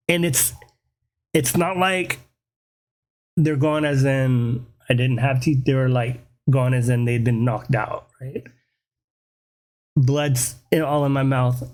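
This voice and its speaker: A man telling a personal story in a casual, animated way, swearing freely and often checking in with "right?". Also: medium pitch. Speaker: podcast host.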